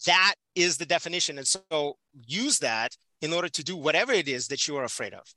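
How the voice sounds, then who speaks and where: Speaking briskly and expressively, a Soviet-born prison volunteer teacher guests on a conversational podcast interview, passionately repeating words to stress his points. His high voice comes across very bright and sharp, captured in a dry, close, rough recording.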